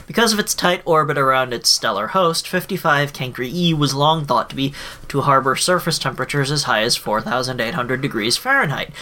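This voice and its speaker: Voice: mid-range voice, expressive, fairly quick, pushed and bright. A podcast co-host reading science news aloud with casual asides and frequent laughs.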